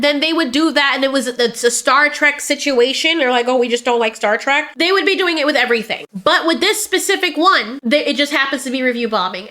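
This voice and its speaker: A woman's voice: high-pitched, pushed and bright. A woman giving blunt, sarcastic reaction commentary, swearing freely and laughing often. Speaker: reaction streamer.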